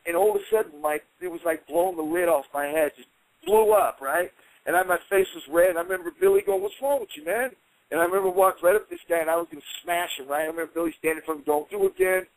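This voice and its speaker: Animated high-pitched man telling a story. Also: very fast, no room sound, rough recording. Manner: animated, heated retelling with acted-out quotes. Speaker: interview guest, former fighter. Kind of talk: storytelling in an interview.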